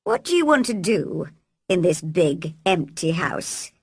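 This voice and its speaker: Sad worried uncle, low and quiet, slow, breathy, lady reader doing him. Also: very animated, dry recording, studio quality, heavily acted. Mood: subdued. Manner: low and subdued. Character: sad, worried middle-aged man.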